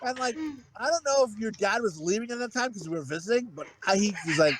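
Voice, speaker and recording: A man with a strikingly high voice tells a loose, rambling story on a podcast, swearing constantly and stumbling over fillers and restarts. Faint noise sits under his voice. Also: expressive, fast talker. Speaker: podcast co-host. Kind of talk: casual storytelling chat.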